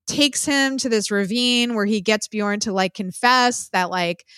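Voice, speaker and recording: A woman co-hosting a podcast, recapping a film in a casual, profane, lively storytelling way. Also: fairly high pitch, smooth, dry recording, clean studio sound. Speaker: podcast co-host.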